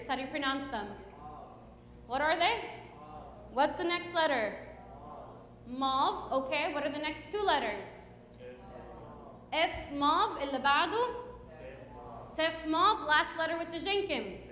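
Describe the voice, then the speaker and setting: Woman hymn teacher: high, unhurried, coaxing; echoey hall with a long reverb. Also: lively intonation, sharp tone. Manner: patient, coaxing questions. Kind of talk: teaching a children's hymn class. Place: church hall.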